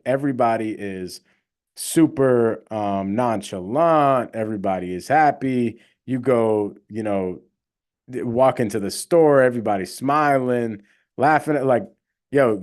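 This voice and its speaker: A man's voice: fairly low pitch, darkish tone. A young man hosting a casual livestream, talking emphatically and rambling with lots of fillers. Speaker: livestream host, real estate wholesaler.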